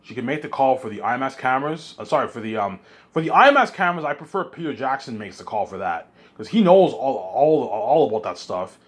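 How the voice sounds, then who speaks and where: A man's voice: mid-range voice, big pitch swings, a little fast. Hyped man rambling in circles. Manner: hyped, repetitive, keeps circling back. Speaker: vlogger. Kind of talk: rambling monologue.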